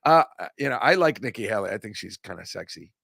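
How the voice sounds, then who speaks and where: Ranting older man with a bright, dry voice. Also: fairly low pitch, very animated, fast, creaky, dry recording. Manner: ranting, rambling, self-mocking. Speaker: host. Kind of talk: casual chat. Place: comedy club studio.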